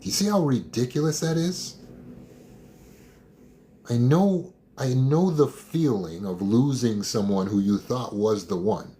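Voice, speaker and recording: A man's voice: medium pitch, lively intonation, moderate pace, few pauses, dark tone. A man coaching listeners through trauma recovery in a blunt, emphatic, direct motivational talk.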